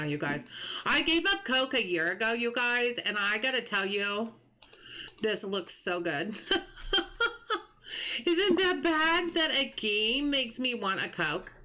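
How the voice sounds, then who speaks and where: A woman's voice: medium pitch, pushed and bright. A woman streaming a game live, chatting casually, musing aloud as she plays and greeting viewers from chat.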